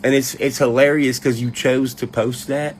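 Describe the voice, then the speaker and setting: A man telling a rambling, profane story to his audience, mocking others in high put-on voices and laughing often. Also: little pitch movement, normal speed, a little hiss or hum. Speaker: online commentator ranting to his audience. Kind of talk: casual profane rant.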